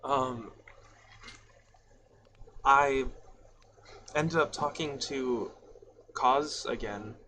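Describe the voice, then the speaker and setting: A man voicing a roleplay character who speaks slowly and hesitantly in a mid-range voice, with a faint hum of background noise behind him. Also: medium pitch, pushed and bright. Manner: hesitant, stop-start phrasing. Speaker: roleplay character listening and then recounting. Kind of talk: casual in-character roleplay chat.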